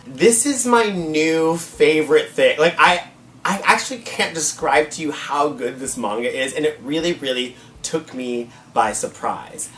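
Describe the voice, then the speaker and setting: A woman's voice: low voice, a bit bright. A trans woman, a drag queen, chatting in a sassy, gushing way in a casual haul vlog. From United States. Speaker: manga collector vlogger. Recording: echoey room, faint ambient noise.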